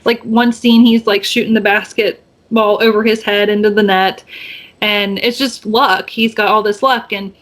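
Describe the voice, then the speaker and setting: A woman's voice: steady tone, normal speed. A woman co-hosting a podcast, recapping a movie in casual, rambling chat full of fillers and restarts. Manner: acts out quoted lines with raised pitch. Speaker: podcast co-host.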